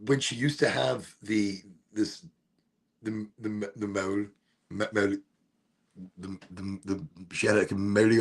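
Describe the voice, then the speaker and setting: A man's voice: mid-range voice, lively intonation, unhurried, vocal fry, breathy edge. A man hosting a live stream, rambling and swearing in a laid-back chat. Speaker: livestream host.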